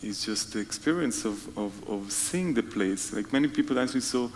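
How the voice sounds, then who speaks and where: Soft-spoken gravelly man, echoey hall. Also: animated, slight background noise. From Israel. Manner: soft-spoken low talker, halting and searching for words. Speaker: tour guide. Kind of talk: casual interview conversation.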